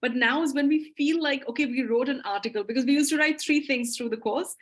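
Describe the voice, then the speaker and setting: A woman's voice: sits high, fast. A woman English teacher answering audience questions in a live webinar, talking with eager enthusiasm. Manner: enthusiastic, explanatory.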